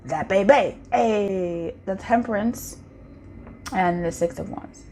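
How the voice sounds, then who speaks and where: A woman's voice: medium pitch, slow, warm tone, slight background noise. Chatty, crooning woman tarot reader. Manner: chatty and intimate, with sing-song crooning calls. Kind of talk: casual pick-a-card tarot reading.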